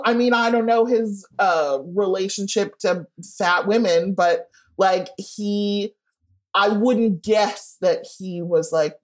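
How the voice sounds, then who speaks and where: A woman telling a story in a casual interview, talking chattily with lots of "like" and animated quoted asides. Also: medium pitch, slow. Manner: chatty, heavy use of "like", animated quoting. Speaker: guest writer.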